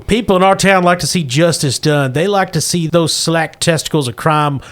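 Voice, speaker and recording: A man's voice: a little high, normal speed, background noise, natural voice. A man voicing a folksy small-town sheriff who talks earnestly in crude, over-the-top metaphors.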